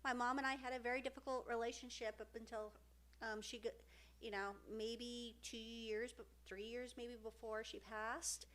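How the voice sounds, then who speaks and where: Emotional middle-aged woman, halting podcast talk. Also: fairly high pitch, level tone, fairly bright tone. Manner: emotional, halting, many fillers and restarts. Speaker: podcast co-host. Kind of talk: heartfelt casual podcast chat.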